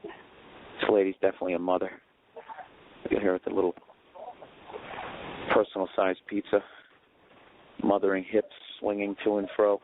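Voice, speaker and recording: A man's voice: sits low, little pitch movement, normal speed, pauses often, a little hiss or hum. Profane grumbling man on a tinny line. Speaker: comedian podcast host. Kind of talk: rambling comedic rant. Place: airport waiting area. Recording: tinny phone-like recording.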